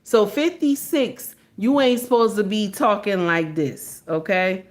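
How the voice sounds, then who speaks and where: A woman's voice: medium pitch, unhurried. Emphatic woman giving reaction commentary. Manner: emphatic, repeats points, says "okay?" and "baby".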